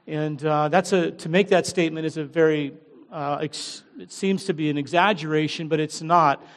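A middle-aged American man preaching as a guest pastor, humble and halting, with many fillers. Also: on the high side, fairly even intonation. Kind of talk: sermon. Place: large church hall. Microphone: handheld or headset mic. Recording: long church hall reverb.

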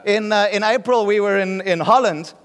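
South African preacher, chatty and high-voiced. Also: male voice, moderate pace, clean tone, big-room sound. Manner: conversational, often asks the room if they get the point. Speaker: pastor. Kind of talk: sermon.

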